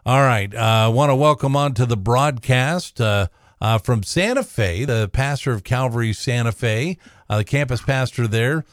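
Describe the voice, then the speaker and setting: Live from a studio, a radio host talks loosely at a moderate pace, filling his speech with lots of "uhs." His voice is medium-pitched and the sound has no echo.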